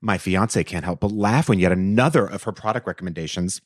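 A man's voice: deep voice, fairly quick, no room sound, studio quality. A man co-hosting a podcast in casual chat, playful and theatrical as he reads listener reviews aloud. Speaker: podcast co-host.

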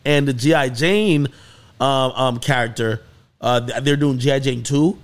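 A man hosting a podcast, telling a story in casual chat with lots of swearing and excited peaks. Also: medium pitch, a little slow. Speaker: podcast host.

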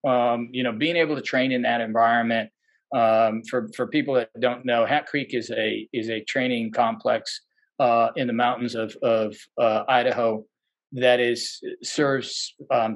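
A man's voice: medium pitch, moderate pace. A man who is a podcast guest, telling stories in a rambling, casual way with many fillers and restarts, and livening up when he quotes people. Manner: animated when quoting people.

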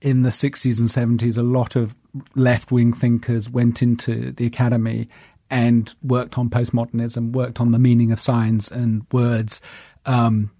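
Articulate man with mellow voice. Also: mid-range voice, monotone, a little slow, no room sound. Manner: articulate, fluent, earnest. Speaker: guest. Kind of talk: casual conversational interview.

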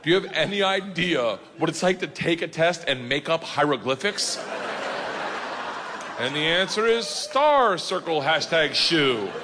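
A man's voice: on the high side, lively intonation, measured pace, background noise. Rowdy male stand-up storyteller. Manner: rowdy, profane, builds to shouted punchlines. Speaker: stand-up comedian. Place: comedy stage before a live audience. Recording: live show in a reverberant hall.

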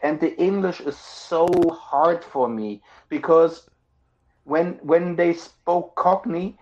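High-voiced man, lo-fi audio. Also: a little mellow. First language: German. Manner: halting, searches for English words. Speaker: guest. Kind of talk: casual chat. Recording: dull lo-fi audio.

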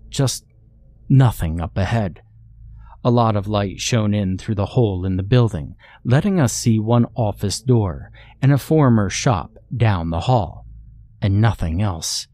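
A man narrates a first-person horror tale in a measured, steady voice. His pitch sits on the low side, and the recording is dry and close with no room sound. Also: dry recording. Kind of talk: scripted horror story narration.

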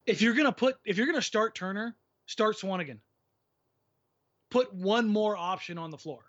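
A man's voice: sits high, moderate pace, fairly bright tone. A man co-hosting a casual basketball podcast, opinionated and rambling, often restarting his sentences. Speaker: podcast co-host. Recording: muffled lo-fi podcast audio.

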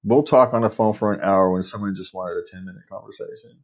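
An older man hosting a podcast, chatting casually and rambling a bit, with a husky voice. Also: low voice, fast, lo-fi sound. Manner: rambling, chuckles often. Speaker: podcast host.

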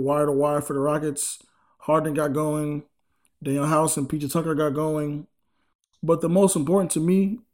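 A man's voice: a little high, a little mellow. A man co-hosting a casual sports podcast as the team reporter, laid-back and dry.

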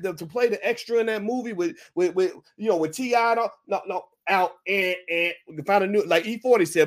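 A middle-aged man hosting a podcast, giving a mocking, animated commentary monologue, at times breaking into a high wailing baby voice. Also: fast, few pauses. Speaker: podcast host.

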